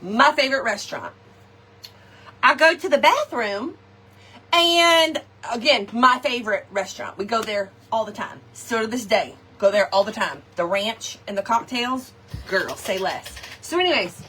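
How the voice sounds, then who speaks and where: A woman telling a funny personal story to her viewers in a chatty, animated way, tossing in "y'all" and "okay" often. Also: fairly high pitch, moderate pace, a little hiss or hum. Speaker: craft shop host.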